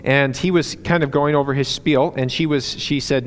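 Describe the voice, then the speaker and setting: A man's voice: medium pitch, fairly even intonation. Man preaching in an echoing church. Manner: halting, many fillers and restarts. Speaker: guest preacher. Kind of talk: sermon with personal stories. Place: church sanctuary. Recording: long church hall reverb.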